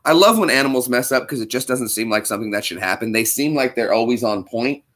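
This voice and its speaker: Guy rambling on his livestream, jokey, laughs at his own bits, bright lively voice. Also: mid-range voice, fast talker. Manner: rambling, self-amused jokester. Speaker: livestream host. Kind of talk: casual joking stream chat.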